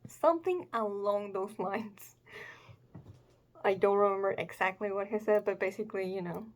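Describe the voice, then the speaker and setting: A woman's voice: mid-range voice, normal speed. A chatty woman talking through her reaction to a manga chapter in a mid-range voice. She muses aloud, circles back on herself and leans on fillers as she works through her thoughts. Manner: chatty, musing, filler-heavy. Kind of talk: casual reaction commentary.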